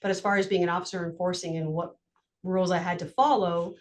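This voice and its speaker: A candid, chatty woman is being interviewed. Her voice sits low, and she talks openly about her work. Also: fairly even intonation. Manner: candid, chatty, quick laughs. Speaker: parking enforcement officer. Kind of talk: conversational interview.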